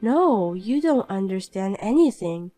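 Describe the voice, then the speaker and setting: Woman voicing a calm, pointed young woman. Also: medium pitch, measured pace, dry recording, faint music behind. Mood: cool. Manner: cool, pointed replies. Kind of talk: animated story voice-over.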